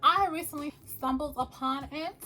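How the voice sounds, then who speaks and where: A woman talking casually to the camera as a perfume vlogger, animated and quick to laugh, often calling her viewers y'all. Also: high-pitched, soft background music, poor audio.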